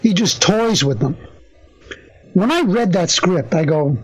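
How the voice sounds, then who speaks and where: An older man tells a story as an interview guest, his voice pitched high and swinging widely as he animates each beat. He has a lively storyteller's delivery. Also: measured pace, long pauses, husky, low-quality recording. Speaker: actor, guest.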